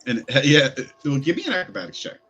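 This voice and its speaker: A man's voice: on the high side, sing-song, quick pace, a bit bright, muffled recording, slight background noise. A man narrating a tabletop game as game master, in a casual manner full of fillers.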